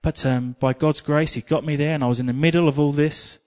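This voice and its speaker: Lively English preacher, a man. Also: on the high side, brisk. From England. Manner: lively storyteller, sings snippets, self-mocking. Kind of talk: sermon with personal storytelling.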